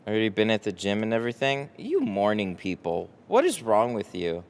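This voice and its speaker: A man's voice: lowish voice, huge pitch swings, a little fast, a little mellow. A man running a casual live stream from his tint shop, reading chat aloud, tired and rambling with casual swearing. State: tired, no coffee.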